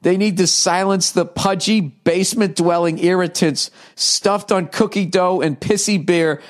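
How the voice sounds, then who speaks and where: Guy doing a comedy podcast rant, swears a lot, kinda high voice, american. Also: steady tone, measured pace. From United States. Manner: profane, riffing, reads aloud mockingly. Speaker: podcast host.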